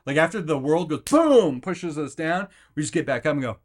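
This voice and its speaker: A man's voice: fairly high pitch, moderate pace. A man hosting his own podcast, delivering a rambling motivational rant full of fillers and restarts, breaking into voices to act out what people say. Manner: energetic, rambling, acts out quotes in jumpy voices; filler-heavy, with frequent restarts. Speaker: podcast host.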